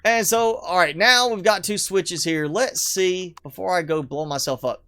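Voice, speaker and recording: A man's voice: sits high, moderate pace, fairly bright tone, clear, resonant tone. Male streamer, casual rambling commentary, self-deprecating, clean resonant tone. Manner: chatty, rambling, self-deprecating, chuckles often. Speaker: streamer showcasing player builds. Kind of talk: casual live game commentary.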